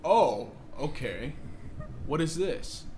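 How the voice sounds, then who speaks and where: A man's voice: a little high, sing-song, slow pace, slight background noise. Profane man reacting to a horror game. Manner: profane, loud and reactive, talks back to the game. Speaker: gaming video host.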